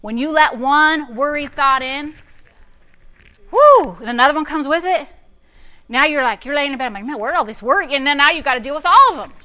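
A woman pastor preaching a lively sermon, repeating declarations aloud and directing a live demonstration in a church. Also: high voice, normal speed. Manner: animated, calls out and repeats declarations.

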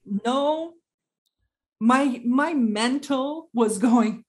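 Earnest woman recalling a family story. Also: sits high. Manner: earnest, halting, reflective. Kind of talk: personal storytelling in conversation.

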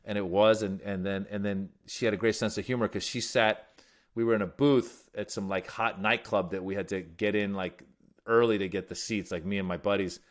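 Here a male comedian guest, originally from Iran but raised in the US since childhood, tells stories during a casual interview. His pitch is fairly low and his tone steady, the delivery fairly quick, with lots of false starts and filler words as he wanders along.

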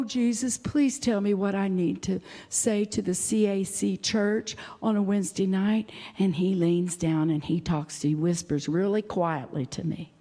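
A woman preaching a sermon to a church, shifting from hushed whispers to loud, fervent shouts. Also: medium pitch. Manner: passionate, swings between whispers and shouts. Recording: long hall reverb.

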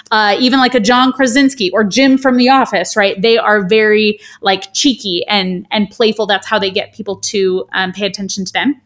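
Animated, theatrical woman with a higher voice. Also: moderate pace. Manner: animated, theatrical, does voices when quoting. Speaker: guest speaker. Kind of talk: podcast interview, explaining a framework.

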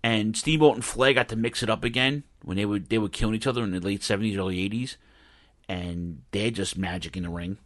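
Low-pitched man rambling about old matches. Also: steady tone, brisk, fairly bright tone, no echo. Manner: rambling, many restarts and fillers. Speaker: podcast co-host. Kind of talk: casual chat. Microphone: own mic he mutes.

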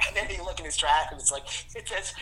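A man's voice: high-pitched, huge pitch swings, sharp tone, poor audio. A man co-hosting a podcast in casual chat, rambling with lots of fillers like "you know what I mean". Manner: rambling, filler-heavy, quick. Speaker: podcast co-host.

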